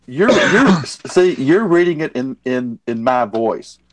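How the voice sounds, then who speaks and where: A man's voice: medium pitch, animated, slow. A man, co-hosting a casual podcast chat, talking in emphatic, ranting bursts and calling people buddy. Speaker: podcast co-host.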